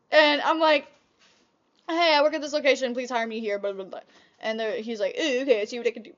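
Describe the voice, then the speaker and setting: A young woman vlogger telling a casual storytime about old jobs, chatty and animated, swearing often. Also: on the high side, fast talker, muffled recording.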